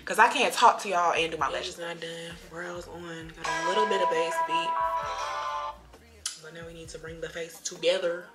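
A young woman with a slightly low voice, a little tipsy, chatting to her viewers in a playful, loose way. She talks in a roomy, echoing room while music plays behind her. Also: fairly even intonation, moderate pace. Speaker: beauty vlogger. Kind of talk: casual get-ready-with-me chat. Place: home room while doing makeup.

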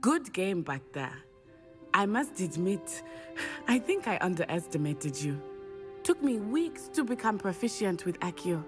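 An actress playing a friendly young female transfer student, gently encouraging. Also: mid-range voice, very animated, unhurried, music in the background.

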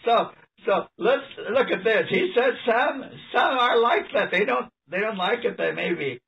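A man preaching an animated, emphatic sermon, reading passages aloud and laughing often. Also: high-pitched, measured pace, gravelly. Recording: distant mic, dull lo-fi sound.

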